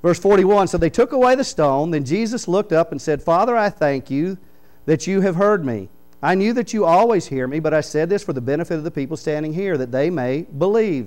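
A man, a pastor preaching a sermon in church, reading scripture aloud and explaining it with animated stories. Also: fairly high pitch, low-quality recording. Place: church sanctuary.

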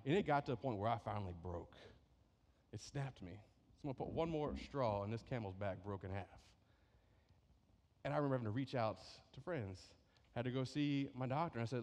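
A man's voice: medium pitch, animated, fairly quick, a little mellow. A man preaching a sermon as pastor, in a conversational way that keeps checking in with "right?". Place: church sanctuary. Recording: echoey hall reverb.

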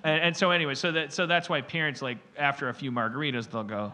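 A man's voice: a little high, fairly even intonation, fast talker, few pauses, sharp tone, highs cut off. A man hosting a podcast, rambling comedically through stories with lots of fillers and acted-out quotes. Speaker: podcast host.

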